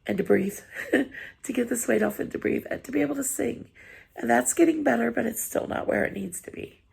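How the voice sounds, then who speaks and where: A woman vlogger talks to her viewers after crying, still tearful. Her slightly high voice is strongly gravelly and very husky. She sounds earnest, apologetic and encouraging. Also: fairly quick, darkish tone. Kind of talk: heartfelt personal vlog talk.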